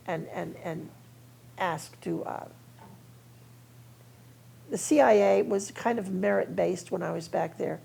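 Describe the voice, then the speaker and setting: An older woman, a guest in a live onstage conversation, telling relaxed anecdotes and laughing now and then. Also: medium pitch, gravelly, slight background noise. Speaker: interview guest. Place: auditorium before an audience.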